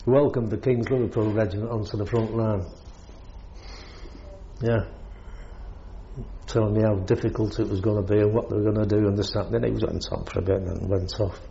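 A man's voice: lowish voice, fairly even intonation, normal speed, vocal fry, pauses often, warm tone, muffled recording. Older British man, war veteran, rambling storyteller who chuckles a lot, faint hiss behind. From Britain. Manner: rambling, chuckles often while telling. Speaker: war veteran recounting service. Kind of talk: oral history storytelling.

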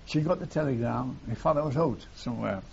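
An older man with a gravelly voice talks through his memories, circling back and tagging phrases with "see". The recording is a dull, lo-fi tape with a faint hiss. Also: medium pitch, brisk, a little mellow. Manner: rambling, repeats phrases, tags lines with "see". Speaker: war veteran interviewee. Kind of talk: oral history reminiscence.

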